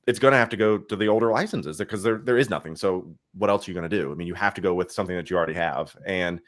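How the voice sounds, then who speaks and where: A man talking casually as a podcast guest in a relaxed, explanatory way. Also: low voice, very fast. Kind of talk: casual chat.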